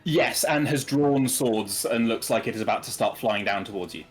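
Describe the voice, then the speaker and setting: A man narrating as game master of a tabletop game, talking with many pauses and fillers. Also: lowish voice, faint music behind. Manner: hesitant, many ums and uhs.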